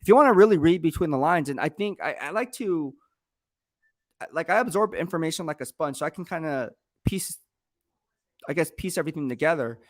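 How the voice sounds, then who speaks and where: A man hosts a casual live-stream sports talk show with a slightly high voice. He presses his points hard, stacking rhetorical questions and repeating himself for emphasis. The recording is dry and close, with no room echo. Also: expressive, brisk, pauses often. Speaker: sports commentator host.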